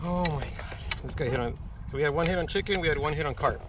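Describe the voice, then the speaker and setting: Fishing vlogger on a kayak, excitable and foul-mouthed, slightly high voice, loud outdoor noise. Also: male voice, fast talker. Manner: excitable, swears often, talks to viewers. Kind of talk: casual vlog narration.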